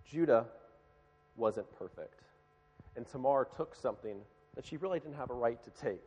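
A man preaching a sermon, telling a story with dramatic swings from loud pleading to hushed, quiet lines. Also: mid-range voice, expressive, moderate pace, slightly rough, in a large hall.

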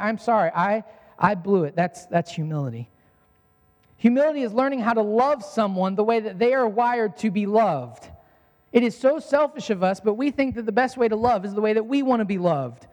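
Pastor type, male, high voice, earnest repetitive preaching, echoing church hall. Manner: earnest preaching with repeated phrases. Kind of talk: sermon.

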